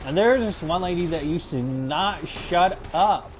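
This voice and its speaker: A young man with a somewhat high voice tells personal stories in a loose, rambling way. He stumbles, restarts and fills pauses with "like" and "uh". A faint hum of noise sits under the recording. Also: expressive. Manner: rambling and hesitant, full of fillers and restarts. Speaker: channel host recounting personal stories. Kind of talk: casual storytelling.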